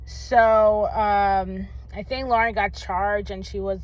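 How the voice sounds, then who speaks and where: In a casual vlog, a young woman angrily rants about a documentary, swearing often and bursting out emphatically. Her medium-pitched voice is slow with fairly even intonation, and the recording quality is low.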